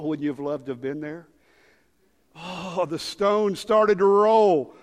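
A man in his fifties preaching a sermon, swinging from loud dramatic calls to hushed low lines. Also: slow. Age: 50s. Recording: long hall reverb.

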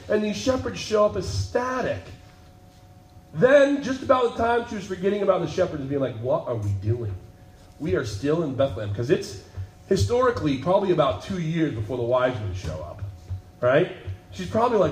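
A man preaching a sermon to a congregation, telling the story with jokes and acted-out voices before turning low and solemn. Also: moderate pace, reverberant, low-quality recording. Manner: animated, joking storytelling that drops to a low, solemn tone. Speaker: pastor. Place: church sanctuary.

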